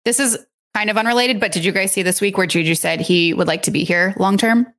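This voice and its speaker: A woman's voice: medium pitch, fast talker, a bit bright. A woman hosting a sports podcast, leading the chat in an upbeat, optimistic way.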